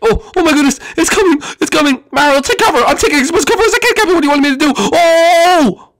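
Casting: a jumpy young hero, high and swooping, stammering in panic, gravelly edges. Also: male voice, lively intonation, quick pace, a bit bright, exaggerated voice. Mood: frantic. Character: excitable young male plumber hero. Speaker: Minecraft role-play video maker. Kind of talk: improvised game role-play.

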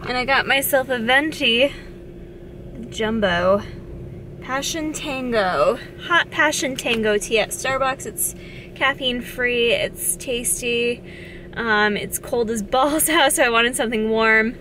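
A woman's voice: on the high side, takes it slowly, background noise. A woman in her twenties, a fitness vlogger talking casually to a handheld camera as she runs errands, chatty and upbeat, saying "like" often. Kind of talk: casual vlog chat. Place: out and about: car, gym, home.

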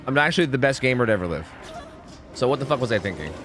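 A man's voice: medium pitch, very fast, over music. A man streaming a game, chatting casually, joking and swearing a lot as he plays. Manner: excitable, swears a lot, jokey. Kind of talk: casual gameplay commentary.

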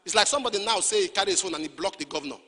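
A man preaching a sermon, acting out quotes and rising into shouts. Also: sits high, rapid-fire. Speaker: pastor. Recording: long hall reverb.

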